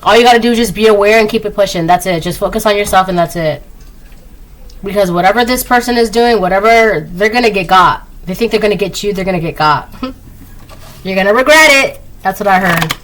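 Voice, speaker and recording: A woman doing a casual spoken tarot reading, chatty, laughing often and acting out quick quoted voices. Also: mid-range voice, low-quality recording. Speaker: tarot reader.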